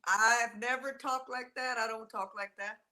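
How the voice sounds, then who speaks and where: A woman's voice: on the high side, fairly even intonation, unhurried, crowd noise. A woman, a guest musician, chatting and teasing playfully over a video call. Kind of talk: casual chat.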